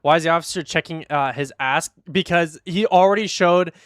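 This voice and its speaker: A man's voice: fairly high pitch, fairly quick, fairly bright tone, no echo, clean studio sound. A young man reacting to videos on a livestream, talking bluntly to chat with plenty of swearing. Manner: blunt, profane, talks straight to chat. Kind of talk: casual livestream commentary.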